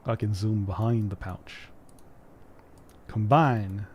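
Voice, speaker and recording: A man's voice: lowish voice, slow pace, a little mellow, slightly rough, highs cut off. A man from Quebec casually commenting on a game he plays, joking with his chat and reading game text aloud. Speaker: gaming streamer. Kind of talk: casual let's-play commentary.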